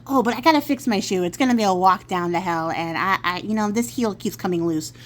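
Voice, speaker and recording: A woman's voice: mid-range voice, brisk, slight background noise, pitched below the performer's own voice, close to an everyday voice. Stingy Jack, woman doing a sly old trickster. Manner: sly, falsely sweet.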